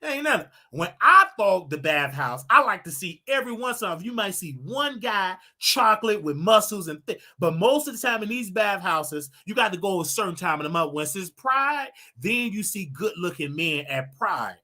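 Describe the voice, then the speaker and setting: A man hosting his own show, ranting and preaching to his audience in a casual, animated way with loud outbursts. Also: high-pitched, normal speed, hardly any pauses. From United States. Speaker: show host. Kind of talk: casual livestream rant.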